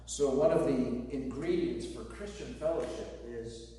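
A pastor delivering a conversational sermon with joking asides, speaking to a congregation. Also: male voice, mid-range voice, measured pace, mellow. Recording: very echoey hall, distant mic, faint noise.

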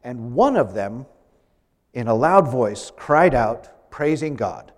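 A man's voice: medium pitch, sing-song, slow. A man preaching a sermon to a congregation, talking in a conversational way with light humorous asides. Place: church sanctuary. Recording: long church reverb.

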